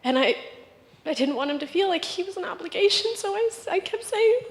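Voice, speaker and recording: A young woman speaks at a memorial service in a high, light voice, stopping and restarting as she laughs through her tears. Her words ring out with a long reverb in a large hall. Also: lively intonation, a little fast. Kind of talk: emotional memorial speech.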